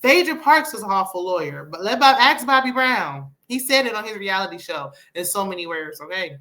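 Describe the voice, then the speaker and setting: A woman, running a casual reality-show review with a sassy, opinionated edge. Her voice is bright and forward, pitched right in the middle, and she talks back at the screen as she goes. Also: lively intonation, fairly quick. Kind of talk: casual commentary.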